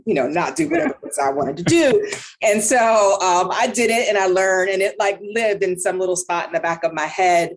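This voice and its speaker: Chatty lower-voiced woman telling stories. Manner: chatty, laughs often, rambling asides. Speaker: yarn shop owner and podiatrist. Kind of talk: conversational interview storytelling.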